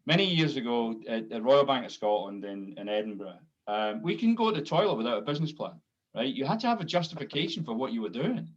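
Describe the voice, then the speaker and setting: A man's voice: medium pitch, big pitch swings, fast, dull audio. A man on an online panel discussion, talking bluntly, swearing now and then and acting out quoted conversations. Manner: blunt, swears, acts out quoted exchanges with laughs. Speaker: panel participant.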